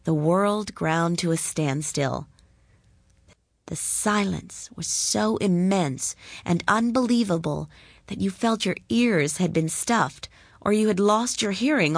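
A woman reads a story aloud in a calm, deliberate voice, taking her time over every line. Her pitch sits slightly low and the recording is close and dry. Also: gravelly, no echo. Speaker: narrator.

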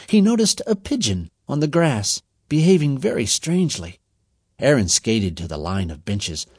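A male storyteller with a husky voice and a very lively, animated pitch that rises and falls through each sentence. He reads in a measured, expressive way. The sound is dry and close, with no room around it. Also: no echo. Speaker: narrator. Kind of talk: storybook reading.

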